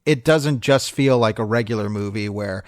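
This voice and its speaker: A man co-hosts a film review podcast, chatting casually and rambling with fillers, restarts and frequent laughter. His voice sits on the low side and is a little mellow, at a normal speed. The recording is dry, with clean studio sound.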